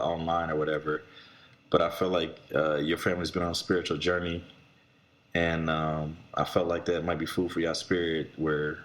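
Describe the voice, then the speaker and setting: A man hesitantly offering kind words on a video call, halting and full of "you know" and "uh". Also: low-pitched, a bit bright. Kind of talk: casual supportive remarks.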